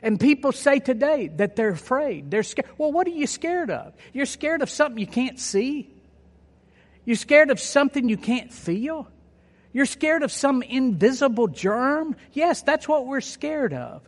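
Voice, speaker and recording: A man with a notably high voice delivers an emphatic sermon, hammering home key phrases again and again. His words ring out with a long, lingering reverb. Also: sing-song, measured pace. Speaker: preacher.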